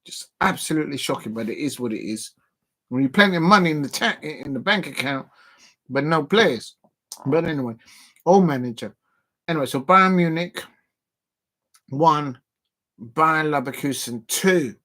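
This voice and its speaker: A man's voice: fairly high pitch, animated, normal speed, pauses often, pushed and bright. A man hosting a football watch-along, chatting casually and giving opinionated predictions straight to his viewers.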